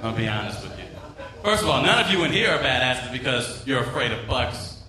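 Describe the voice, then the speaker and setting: A man's voice: medium pitch, sing-song, fairly quick, sharp tone, slight background noise. Profane stand-up man, echoey club. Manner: profane, rambling, crowd-teasing. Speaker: stand-up comedian. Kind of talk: open-mic stand-up set. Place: comedy club stage with live audience. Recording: echoey room, voice a bit far from mic.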